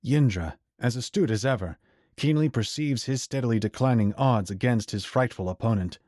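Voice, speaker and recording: A man reads a fantasy audiobook in a measured, even storytelling manner. His voice sits mid-range for a man. The recording is close and dry, with no room sound. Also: mid-range voice, dry recording. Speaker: audiobook narrator. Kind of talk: scripted fantasy narration.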